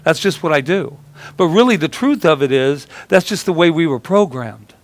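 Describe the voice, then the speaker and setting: A man's voice: a little high, animated, moderate pace, dry recording. A male minister giving a conversational sermon, telling stories with a humorous, self-deprecating manner.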